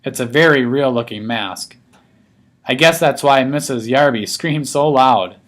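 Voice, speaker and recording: A man's voice: medium pitch, a little slow, fairly bright tone. Guy reading a kids book aloud, first person, telling it like he's a young boy. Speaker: audiobook reader. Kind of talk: first-person scripted narration.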